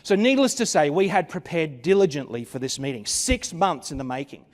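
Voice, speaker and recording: In a large hall, a man with a fairly high, sing-song voice speaks a little fast. He's a keynote speaker at a conference, telling a story dramatically into a stage microphone and slipping in wry asides.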